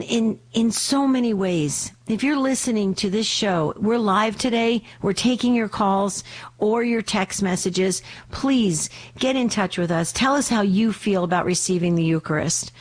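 A woman's voice: mid-range voice, unhurried. Woman, radio host, live call-in show, fervent, urgent, pleading, slight lingering cough.

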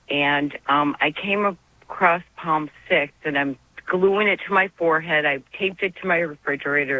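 A woman's voice: sits low, no echo. A woman calling in to a radio show, talking in an earnest, heartfelt and rambling way. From Arizona. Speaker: caller. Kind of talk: call-in radio chat. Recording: dull phone-line call.

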